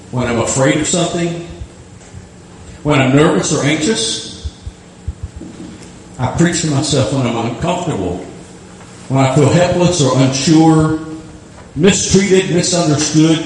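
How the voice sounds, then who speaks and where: A middle-aged male pastor preaching a storytelling sermon, animated and self-deprecating, acting out his own self-talk. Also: on the high side, slight background noise. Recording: echoey hall, mic far from speaker.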